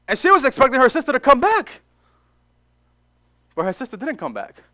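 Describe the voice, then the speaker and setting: A male pastor preaching a sermon in an animated way, acting out short dialogues and repeating phrases for emphasis. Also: very high voice, fairly quick, pauses often. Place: church.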